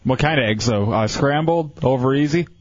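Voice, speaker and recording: A man's voice: medium pitch, moderate pace, no echo, dull audio. A man co-hosting a casual late-night radio show, laid-back and easygoing, with many hesitant fillers. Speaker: radio co-host.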